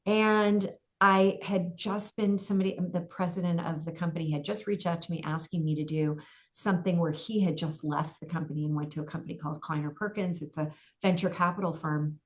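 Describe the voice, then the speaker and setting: Middle-aged woman, lower voice, dramatic storyteller as podcast guest. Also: fairly even intonation, brisk. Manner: vivid, dramatic storytelling with acted-out inner voices.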